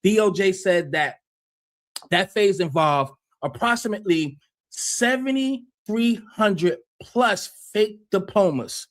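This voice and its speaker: American male streamer, high voice, heated rant, swears a lot, repeats himself. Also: expressive, takes it slowly. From United States. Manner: profane, combative, repeats himself. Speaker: livestream host.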